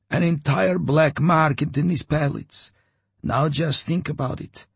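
Audiobook character: man doing a seasoned male traveler, higher than the narrator, hushed and confiding. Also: gravelly, husky, no echo, exaggerated voice. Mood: musing. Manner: hushed, conspiratorial, musing. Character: wary, talkative male veteran traveler.

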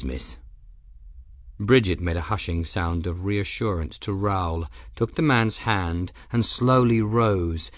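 A man reading a novel aloud as an audiobook narrator, in an even, measured storytelling manner. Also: sits low, dry recording, studio quality. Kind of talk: scripted narration.

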